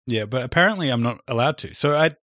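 A man co-hosting a podcast, chatting casually about tech and often trailing off softly at the ends of phrases. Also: mid-range voice, expressive, fast, dry recording, studio quality. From Australia. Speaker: podcast co-host. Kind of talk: casual chat.

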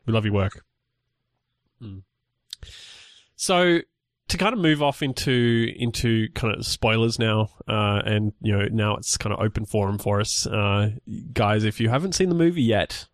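A lowish-voiced man co-hosts a podcast at a measured pace, studio quality with no room sound. The conversation is a casual chat in which he rambles, restarting often and using lots of fillers.

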